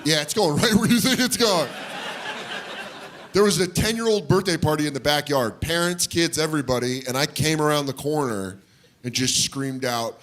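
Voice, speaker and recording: At a moderate pace and in a voice on the high side, a comedian tells stories on a club stage. He is animated, mimicking the voices of people he describes, while the audience is heard in the background.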